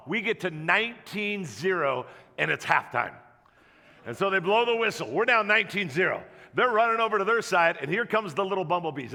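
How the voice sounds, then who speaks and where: A man's voice: high-pitched, vocal fry, bright, forceful tone. A middle-aged male pastor telling a jokey story in a sermon, acting out the voices as he goes. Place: church auditorium. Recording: long reverb of a church hall.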